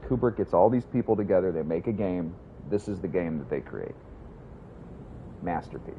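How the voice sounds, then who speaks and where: A man's voice: deep voice, lively intonation, moderate pace, pauses often, dull audio, slight background noise. A man streaming a game, chatting casually with his viewers in a rambling, profane way. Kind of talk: casual livestream gaming commentary.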